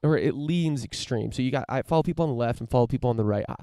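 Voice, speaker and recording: Young dude ranting on his podcast, gravelly low voice, dry close mic. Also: very fast, dark tone, dry recording. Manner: rambling, profane, frequent restarts and fillers. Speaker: podcast host. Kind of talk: casual solo rant.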